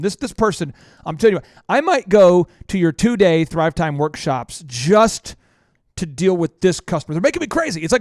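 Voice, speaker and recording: An energetic, jokey male radio host with a fairly high voice. He leans hard into his emphasis and keeps the talk moving. The sound is close and dry, as in a studio. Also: brisk, dry recording. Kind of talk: casual radio talk show.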